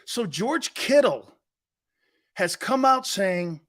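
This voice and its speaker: A man hosting a live sports talk show, loud, joking and blunt, laughing often. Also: sits high, big pitch swings, slow pace. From lives in Florida.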